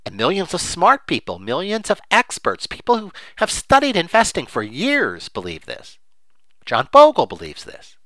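A man giving unscripted spoken commentary on investing, animated, acting out opposing views in quoted voices, with many fillers. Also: a little high, moderate pace, no room sound.

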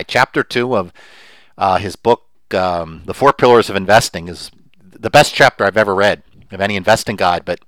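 Animated, emphatic podcast host, bright voice. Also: male voice, medium pitch, no echo, rough recording. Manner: animated and emphatic, gets worked up; rambling with restarts and asides. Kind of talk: opinionated solo podcast monologue.

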